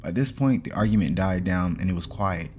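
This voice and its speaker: A man narrates a second-person fan story in a plain, steady way. His voice sits very low in pitch. A faint hiss of background noise stays under the reading. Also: a little fast. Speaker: story reader. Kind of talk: reading fan fiction aloud.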